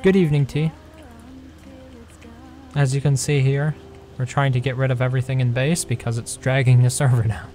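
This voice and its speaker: A man's voice: mid-range voice, fairly even intonation, moderate pace, pauses often, warm tone. A man streaming a game with friends, chatting casually and joking wryly about the lag. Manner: laid-back, wry about the lag. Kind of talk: casual gaming chat. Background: game music.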